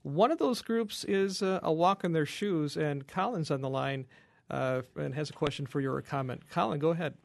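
A man's voice: fairly high pitch, normal speed, vocal fry, no room sound. A man co-hosting a public radio call-in show, steadily introducing callers. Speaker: radio co-host.

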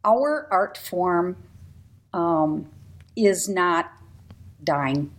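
A woman who plays in a string quartet and teaches, speaking as a radio interview guest in an emphatic, expressive way. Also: drawn-out words, slight background noise. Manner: emphatic, expressive, with lively pitch swings.

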